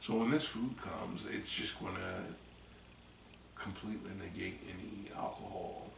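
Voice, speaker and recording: Vlogger, male, gravelly edge, rambling storyteller, a bit tipsy, distant mic in an echoey room. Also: deep voice, measured pace, slight background noise. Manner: rambling animated storytelling with loud acted screams. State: tipsy from drinking. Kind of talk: casual chat.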